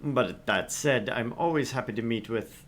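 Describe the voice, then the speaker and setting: A man reading a courteous, scheming wealthy arcade tycoon in a slow, measured and polished way. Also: medium pitch, fairly bright tone, a little hiss or hum, close to an everyday voice. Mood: smooth.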